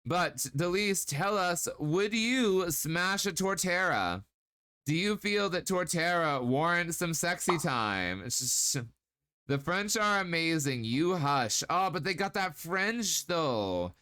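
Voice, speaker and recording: A man's voice: fairly high pitch, lively intonation, sharp tone, smooth. A man hosting a live stream, chatting casually with viewers in a playful, teasing way with frequent laughs. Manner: playful, giggly, teasing, drawn-out baby talk at times. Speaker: streamer host.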